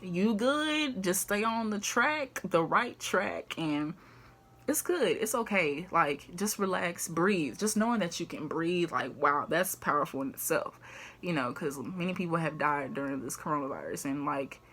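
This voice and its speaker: Young woman vlogger, casual faith talk, chatty and loose, low-ish pitch, bright edge. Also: expressive, a little slow. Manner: chatty, fills with "like" and "you know", laughs often.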